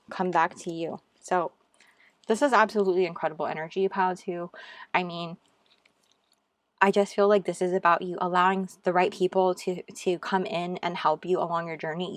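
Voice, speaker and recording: Low-voiced woman giving an excited tarot reading. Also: dry recording. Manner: gushing and encouraging, addresses viewers as "you guys". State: out of breath. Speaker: tarot reader. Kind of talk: casual tarot reading to camera.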